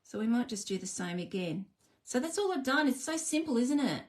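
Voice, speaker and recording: A woman hosts a live card-making stream, chatting casually to viewers and poking fun at herself as she works. Her voice is a little high, sing-song, and brisk.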